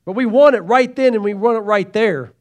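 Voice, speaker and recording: Preaching in a church sanctuary a little fast, a notably high-voiced pastor swings from hushed asides to loud, pleading emphasis. Again and again he calls out for a response from the congregation.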